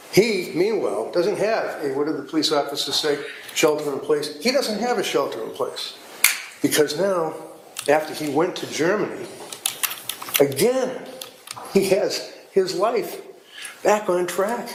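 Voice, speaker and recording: A man's voice: fairly high pitch, expressive, normal speed, slight background noise. Emphatic male lawyer in an echoey courtroom. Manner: emphatic, repetitive, conversational courtroom oratory. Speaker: defense attorney. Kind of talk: closing argument to a jury.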